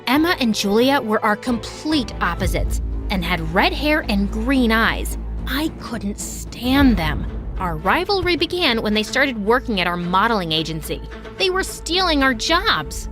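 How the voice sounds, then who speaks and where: Animated female narrator; very high, wide-ranging, over background music. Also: measured pace. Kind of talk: scripted first-person story narration.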